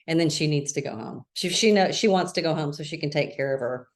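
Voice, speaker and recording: A woman in her fifties with a somewhat low voice, co-hosting a casual podcast. She retells scenes and readily agrees with her partner. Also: quick pace. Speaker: podcast co-host. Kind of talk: casual recap chat.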